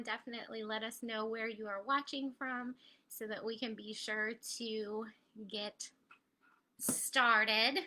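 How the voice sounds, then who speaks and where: Bright chatty woman hosting a livestream. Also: on the high side. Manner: chatty, upbeat, addresses viewers directly. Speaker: host of online training. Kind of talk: live-stream coaching talk.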